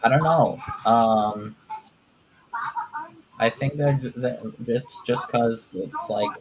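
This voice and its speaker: A co-host of a wrestling watch-along podcast, talking hesitantly with many pauses and filler sounds. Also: mid-range voice, a little hiss or hum, low-quality recording. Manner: hesitant, many ums, slow and halting. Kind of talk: casual chat during a wrestling watch-along.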